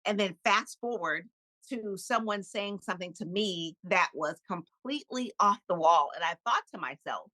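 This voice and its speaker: A middle-aged woman, a podcast guest, telling a personal story in an animated, candid way with frequent laughs. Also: mid-range voice, normal speed, dry recording, poor audio. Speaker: podcast guest, kindness speaker. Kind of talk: casual storytelling interview.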